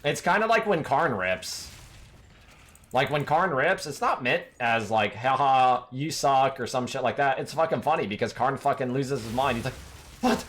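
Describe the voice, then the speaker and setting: A man's voice: medium pitch, lively intonation, normal speed, a bit bright. A man streaming a game, talking casually to his chat in a rambling, profanity-laden rant that keeps circling back to one point.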